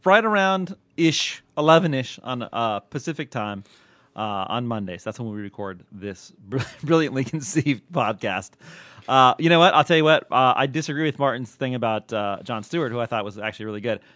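A man talks casually as a podcast co-host, chatty and quick to laugh. His voice sits close to the mic in a dry room, at an everyday middle pitch. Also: lively intonation, fairly bright tone, no echo. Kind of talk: casual chat.

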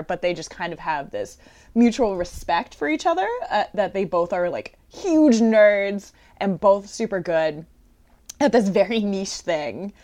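A woman in casual conversation, chatty and animated, filling her talk with "like" and quoting characters. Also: lowish voice. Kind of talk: casual chat about a musical.

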